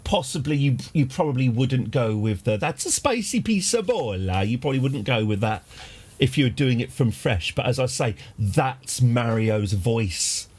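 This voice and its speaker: A man's voice: medium pitch, normal speed, a little mellow, slightly rough. A man chatting casually as a game streamer, rambling through tangents with dry jokes. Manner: rambling, tangent-prone, dryly joking. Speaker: livestream gamer host.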